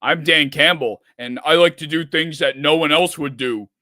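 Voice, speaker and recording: A man's voice: on the high side, moderate pace, sharp tone, no echo. A man putting on a sarcastic, boastful impression of a brash male football coach. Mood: mocking.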